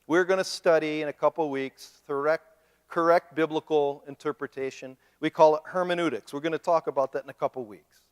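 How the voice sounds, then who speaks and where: Joking preacher in an echoing church. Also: male voice, fairly high pitch, a little fast, smooth. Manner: animated, joking, mimics other people. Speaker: pastor. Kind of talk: sermon. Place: church sanctuary. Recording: long reverb of a church hall.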